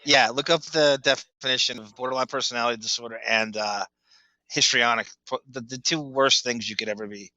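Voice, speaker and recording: Male podcast host, sharp bright tone, dry close sound, sarcastic quips. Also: mid-range voice, fairly even intonation, fairly quick, no room sound, lo-fi sound. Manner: sarcastic, joking asides. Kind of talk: casual reaction commentary.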